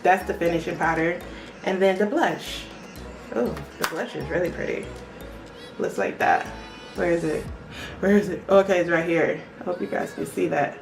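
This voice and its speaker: Chatty, excitable woman in an echoey room. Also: on the low side, normal speed, creaky, pauses often. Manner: chatty and excitable, often addresses the viewers directly. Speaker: beauty vlogger. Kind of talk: casual unboxing chat. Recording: echoey room with faint background music.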